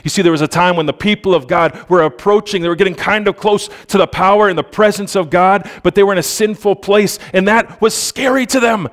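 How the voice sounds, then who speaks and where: A man preaching a sermon in church, speaking conversationally, asking the congregation for responses and reading scripture aloud with slow emphasis. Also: high voice, fairly bright tone. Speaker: pastor.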